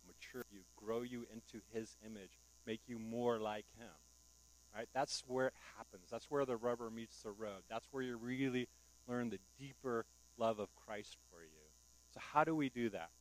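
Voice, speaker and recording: A man preaches a relaxed, conversational sermon in a church, asking the congregation questions as he goes. His voice sits at a middle pitch. A faint mains hum runs beneath the recording. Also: poor audio. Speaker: pastor.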